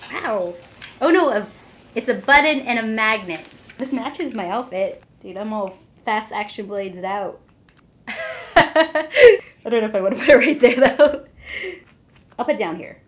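A young woman in a casual unboxing vlog, excitable and gushing, squealing and gasping as she opens gifts. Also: on the high side, a little slow, pauses often.

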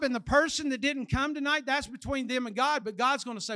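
Older male preacher, very high and bright voice, folksy and emphatic delivery in church. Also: steady tone, a little fast, few pauses. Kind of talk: sermon.

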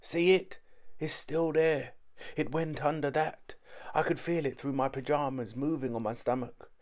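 A man voicing a terrified man lying frozen in bed, in a whispered role-play with a hoarse, straining half whisper and slow, separate words. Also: a little high, fairly even intonation, pitched above the performer's own voice, natural voice. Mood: tense whisper. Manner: slow, each word spoken separately.

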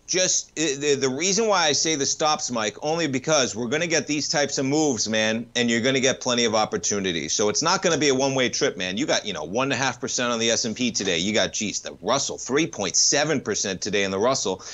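A man hosting a live call-in market show, talking to a caller in an energetic, chummy way. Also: mid-range voice, fast talker, hardly any pauses. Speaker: radio market show host.

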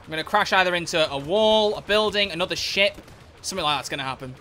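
A young man streaming a video game live, excitable and swearing a lot as he comments. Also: high voice, fast talker. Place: home gaming setup at a desk.

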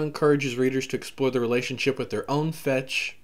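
A man's voice: mid-range voice, a little fast. A man with a mild Southern accent, chatting casually on his vlog as he reads book blurbs aloud, exclaiming and coughing now and then from allergies. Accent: Southern US, toned down. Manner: animated, exclaims, skims text with filler. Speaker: vlogger browsing a book catalog.

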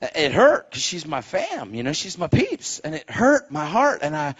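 A man's voice: fairly high pitch, wildly swooping pitch, moderate pace, fairly bright tone, slightly rough. A man preaching a testimony sermon, telling his story emphatically and punching it with sound effects. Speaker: evangelist. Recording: dull, muffled recording.

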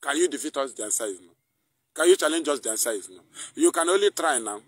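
A man's voice: on the high side, animated, fast talker, no echo. Heated Nigerian man ranting on a live broadcast. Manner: heated, mocking, repeats angry rhetorical questions; mixes English with Igbo. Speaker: activist broadcaster. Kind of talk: live online broadcast rant.

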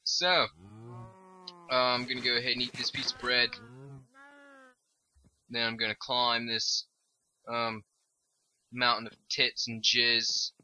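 A young man giving rambling, crude, joking commentary over gameplay, now and then jumping to high excited squeals. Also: takes it slowly, long pauses, poor audio. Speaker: gaming video host.

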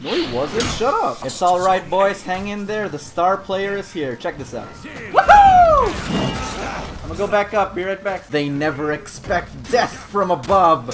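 A man giving loud, excitable commentary over his own gameplay, laughing and shouting often. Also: high-pitched, normal speed, hardly any pauses, loud music behind the voice. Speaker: gaming streamer.

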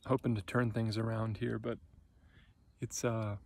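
A man's voice: fairly low pitch, level tone, measured pace, creaky, a little mellow. A man vlogging outdoors on a mountain pass, talking candidly and hesitantly, with many fillers and restarts. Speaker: bikepacking vlogger. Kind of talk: casual self-filmed vlog.

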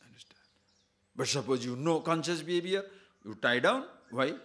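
A man giving a spiritual discourse, telling a fable in an animated way and checking in with his listeners as he goes. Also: fairly high pitch, moderate pace. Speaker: spiritual teacher.

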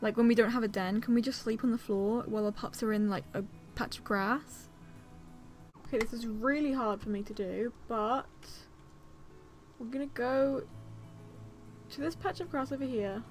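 Gaming host, woman, slightly high voice, fretful self-talk over faint game music. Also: normal speed. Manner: anxious, fretful, talks to herself while playing. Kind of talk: let's-play commentary.

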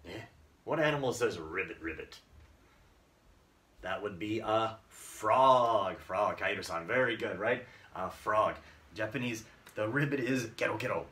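A man's voice: mid-range voice, a bit bright, distant mic. A man teaching English to Japanese learners in an online lesson, acting out sounds playfully and mixing in Japanese words.

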